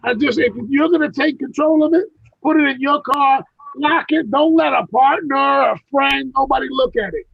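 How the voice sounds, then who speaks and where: A man's voice: very high-pitched, moderate pace, gravelly, no echo, dull audio. A man on a video call telling long, profane stories from his life, rambling with many restarts. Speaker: guest recounting personal stories. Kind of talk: casual chat on a video call. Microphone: video call mic.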